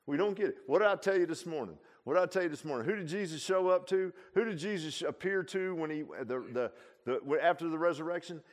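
A man preaching an informal sermon as pastor, animated and folksy, tossing in laughs and rhetorical asides. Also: on the high side, fast, few pauses.

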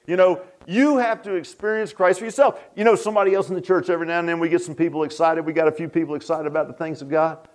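A man's voice: a little high, fairly even intonation, fast talker. A man preaching a sermon as pastor, folksy and emphatic, repeating himself and laughing at his own jokes.

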